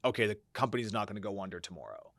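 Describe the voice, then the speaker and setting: This gravelly, somewhat bright low voice belongs to a man who talks very fast with big swings in pitch, recorded dry. As a company founder guesting on a podcast, he reflects at length in a conversational interview, using many fillers and acting out what he was thinking.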